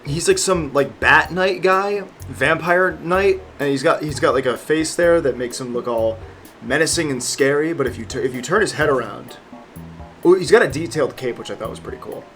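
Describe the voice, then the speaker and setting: A man's voice: a little high, normal speed, fairly bright tone, soft background music. A young man in his twenties chatting casually as a vlogger, rambling and joking with lots of fillers and swearing. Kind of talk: casual chat.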